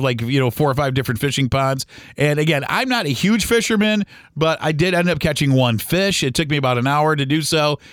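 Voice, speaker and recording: A man hosting a podcast, telling a travel story in a casual, rambling way with lots of fillers and restarts, and getting animated when he quotes people. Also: mid-range voice, dry recording, clean studio sound. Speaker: podcast host.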